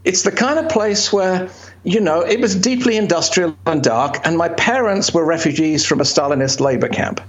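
A man's voice: high-pitched, normal speed, muffled recording. A middle-aged man from Birmingham with a British accent, Polish his first language, telling his story in a casual, self-deprecating interview. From Birmingham, England. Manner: self-deprecating, joking, animated. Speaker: interview guest, writer.

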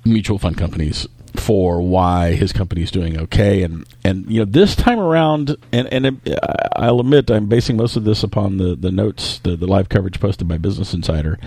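A man's voice: low-pitched, normal speed, hardly any pauses, dark tone, husky, no room sound. A man co-hosting a casual tech podcast, thinking aloud in an analytical way. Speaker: podcast co-host.

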